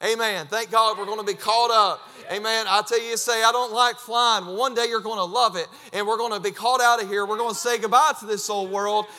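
A man preaching a fervent sermon, emphatic and repetitive, breaking into shouts. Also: high-pitched, fairly even intonation, fairly quick, hardly any pauses.

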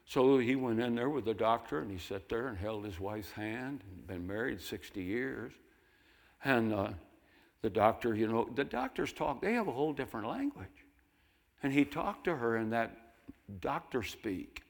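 An older man preaching a sermon, telling folksy stories and breaking into loud mimicking voices. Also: medium pitch, expressive, moderate pace, gravelly. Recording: long hall reverb.

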